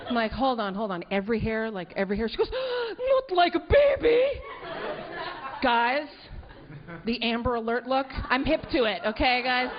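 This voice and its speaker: A woman's voice: a little high, fairly even intonation, a little fast. A woman doing a crude, brash stand-up comedy set. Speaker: stand-up comic. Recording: muffled club recording with crowd.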